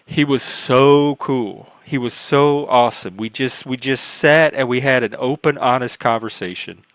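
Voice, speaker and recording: A man's voice: medium pitch, unhurried, fairly bright tone, no echo. A man on a livestream panel telling a personal story in casual talk, earnest and rambling, with frequent restarts and self-corrections. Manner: earnest, acts out quoted dialogue.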